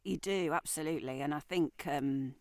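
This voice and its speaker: A woman's voice: deep voice, normal speed, dry recording. Woman interviewer with a dry close sound. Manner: encouraging, warmly teasing interviewer. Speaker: podcast host and interviewer. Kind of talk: relaxed interview chat.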